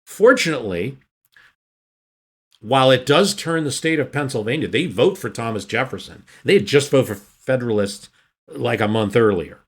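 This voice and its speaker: A man's voice: medium pitch, expressive, normal speed, fairly bright tone, husky. A man talks through history in a casual podcast discussion, explaining at length and often correcting himself mid-sentence. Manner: rambling, self-correcting explainer.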